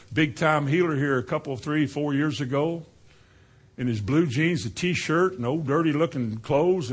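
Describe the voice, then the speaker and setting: A man's voice: on the high side, slightly rough. A man preaching a sermon in a folksy way, now and then mimicking slang with a laugh.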